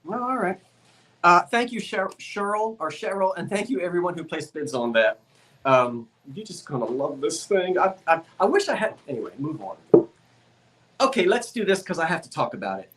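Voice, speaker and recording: A woman's voice: on the low side, sing-song, moderate pace. A woman with a South Jersey accent hosting a live-stream antiques auction, chatty and folksy, laughing easily as she talks up each item.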